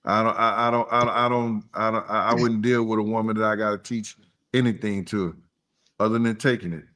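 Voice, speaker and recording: A man's voice: fairly even intonation, brisk, fairly bright tone. A man co-hosting a casual reaction podcast, making his points emphatically and repeating himself. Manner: emphatic, repeats points, trails into low mumbling. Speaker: podcast co-host.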